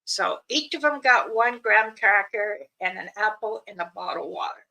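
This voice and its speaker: A mother casually telling a personal story, chatty and laughing often, acting out her children's voices and hushing her own quoted words. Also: mid-range voice, expressive, moderate pace, vocal fry, low-quality recording.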